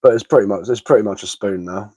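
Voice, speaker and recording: Guy a bit hoarse, lowish voice, dry close sound, rambly livestream chat with lots of ums. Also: fast, darkish tone, no echo, poor audio. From England. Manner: rambling, hesitant, repeats words and fillers. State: slightly hoarse from illness. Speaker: bushcraft livestreamer. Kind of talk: casual livestream chat answering comments.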